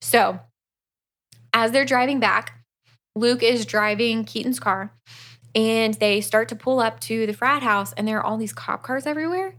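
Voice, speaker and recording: A woman's voice: on the high side, measured pace, a bit bright. A woman co-hosting a podcast, recapping a book in casual chat. She acts out the characters' lines and swears freely. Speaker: podcast co-host.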